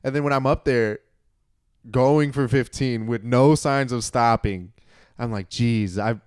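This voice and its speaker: A man's voice: medium pitch, measured pace, clear, resonant tone, dry recording, studio quality. A young man co-hosting a casual comedy podcast, telling self-deprecating stories about his stand-up sets. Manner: self-deprecating, animated storytelling with quoted voices. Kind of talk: casual chat.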